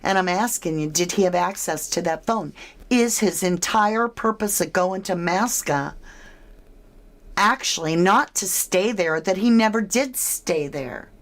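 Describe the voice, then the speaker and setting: A woman talks through a true crime case in a relaxed, speculative way. Her voice sits low and her pace is unhurried, and she keeps turning to her listeners with questions. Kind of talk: casual speculative commentary.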